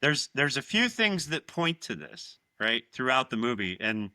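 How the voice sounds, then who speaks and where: Bright-voiced man, dry mic, animated podcast talk. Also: mid-range voice, measured pace, no echo. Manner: animated, swears freely, retells scenes. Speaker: podcast co-host. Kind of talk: casual podcast chat.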